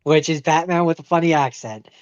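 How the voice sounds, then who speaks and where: A man's voice: on the high side, a little fast, smooth. A man co-hosting a casual podcast, hesitant with many ums. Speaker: podcast co-host. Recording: dry, slightly dull close mic.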